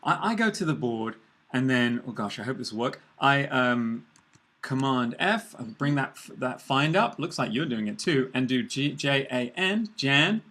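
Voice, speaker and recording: A man's voice: medium pitch, expressive, a little slow, sharp tone. A British man co-hosting a live marketing video, joking around and rambling with lots of fillers. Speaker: co-host.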